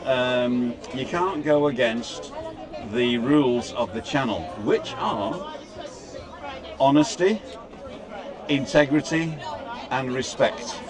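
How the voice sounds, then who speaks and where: This British man is livestreaming from a street, taking his time and pausing often as he reads out viewer comments and greets people by name with wry asides. His pitch is medium, and music plays behind him amid the busy outdoor crowd noise.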